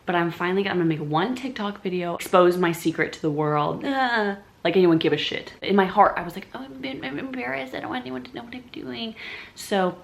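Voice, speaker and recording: A young woman telling a casual storytime vlog, animated and profane, often talking straight to her viewers. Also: fairly low pitch. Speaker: vlogger.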